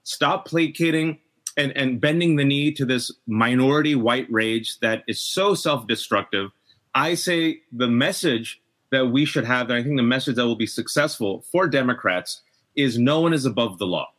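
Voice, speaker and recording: A man's voice: mid-range voice, moderate pace, a bit bright. A middle-aged man speaking as a guest in a political discussion, impassioned and emphatic. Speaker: podcast guest.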